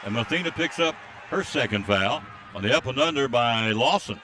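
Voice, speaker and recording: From courtside at a high school basketball game, a play-by-play announcer gives live commentary, firing off quick, excited calls when the action speeds up. Between plays he reads scores and greetings from listeners, with a crowd faintly audible.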